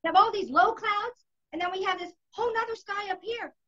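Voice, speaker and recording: A woman's voice: very high voice, fairly quick, background noise. A woman in her fifties hosting a talk, telling her own story vividly and with emphasis. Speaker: host. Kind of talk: casual storytelling in a conversation. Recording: dull lo-fi recording.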